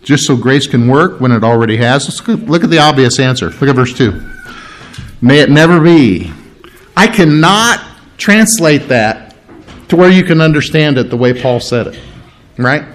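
A man preaching a sermon in church, animated and emphatic, stopping to explain Greek words. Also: medium pitch, moderate pace. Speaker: pastor.

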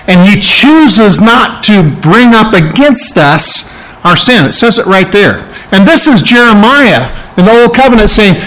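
High-voiced man preaching a sermon. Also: fairly bright tone, rough recording. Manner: emphatic, conversational preaching with asides to the congregation. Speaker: pastor.

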